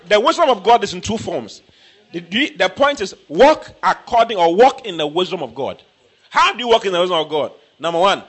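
High, lively preacher. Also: male voice. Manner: emphatic, repetitive, bursts into shouting. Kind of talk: sermon.

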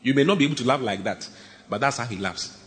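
A man preaching a sermon, swinging from low murmurs up to high shouted lines and reading scripture aloud. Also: lively intonation, fast talker. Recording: long hall reverb.

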